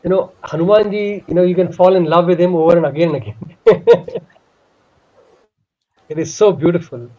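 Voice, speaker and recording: High-voiced man telling a devotional story. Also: moderate pace, pauses often. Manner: heartfelt, animated retelling with many fillers. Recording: dull lo-fi recording.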